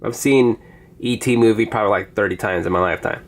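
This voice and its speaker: A man's voice: on the low side, quick pace, over music. Chatty man reviewing phone apps. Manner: chatty, demonstrating on screen. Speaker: app reviewer. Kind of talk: casual app review narration.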